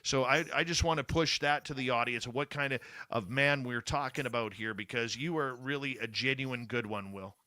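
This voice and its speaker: Bright, emphatic male radio host. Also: medium pitch, moderate pace, few pauses, dry recording. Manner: effusive, emphatic praise. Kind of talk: casual interview talk.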